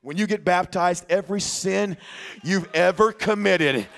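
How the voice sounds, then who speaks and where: Gravelly high-voiced preacher man. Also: a little slow. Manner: storytelling, swings from quiet to shouting. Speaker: pastor. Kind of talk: sermon. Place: church sanctuary.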